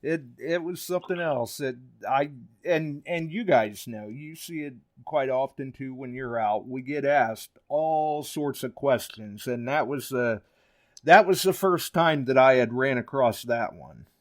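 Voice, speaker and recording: A man's voice: mid-range voice, a little slow. A man hosting a casual online talk show, telling stories in a chatty, easygoing way. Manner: chatty storyteller, lively. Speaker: podcast host. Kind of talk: casual chat.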